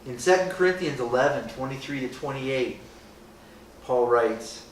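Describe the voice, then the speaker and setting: A man's voice: mid-range voice, normal speed. Man, casual Bible talk to a group, rhetorical questions, joking asides, distant mic, echoey room, faint hiss. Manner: conversational, asks rhetorical questions, often adds "right?"; jokey, acts out people's reactions. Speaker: speaker leading a group.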